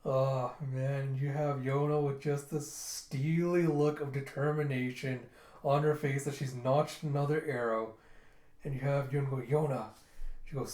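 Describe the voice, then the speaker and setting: A man casually retelling a manga chapter for his readers, slipping into quick voices for the characters. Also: mid-range voice, fairly even intonation, a little mellow, reverberant. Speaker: manga reviewer reading aloud.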